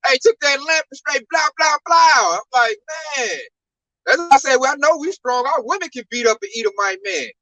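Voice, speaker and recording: A man with a very high voice talks at a moderate pace in a casual religious discussion. He tells stories with emphatic, slangy energy, and the mic sits at a distance with a dry sound.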